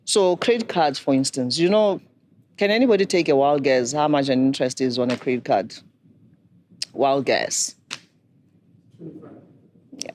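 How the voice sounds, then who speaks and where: A middle-aged woman, a banking expert giving measured, instructive advice. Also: rumbling low, darkish tone, a little hiss or hum. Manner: measured, instructive, poses questions to listeners. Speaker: banking and microfinance expert guest. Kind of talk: explanatory advice talk.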